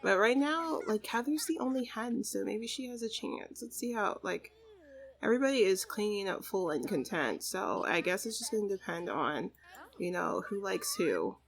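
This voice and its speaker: A woman's voice: mid-range voice, very animated, normal speed. A woman hosting a let's play, giving casual, chatty gameplay commentary full of "like" and "you know". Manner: chatty, laughs often, says "like" and "you know".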